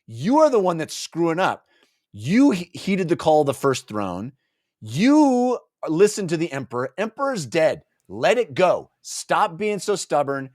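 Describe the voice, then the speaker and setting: A man voicing a scheming female undead sorceress in a high, exaggerated mock voice. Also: sing-song, drawn-out words, few pauses, bright, forceful tone, dry recording, clean studio sound, full character voice. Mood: exasperated.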